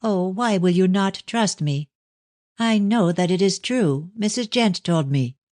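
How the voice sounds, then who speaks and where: A man's voice: high voice, expressive, unhurried, a little mellow, no room sound, clean studio sound, pitched above the performer's own voice. A man voicing an anxious young Victorian daughter who pleads earnestly with her father in an audiobook. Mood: distressed. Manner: pleading, raised and earnest delivery. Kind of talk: audiobook reading of a novel.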